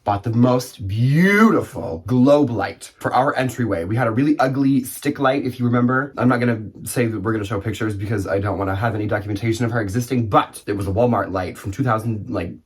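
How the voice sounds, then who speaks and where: A man's voice: medium pitch, brisk, few pauses, breathy edge. A man co-hosting a casual chat with playful, dry asides. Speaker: co-host.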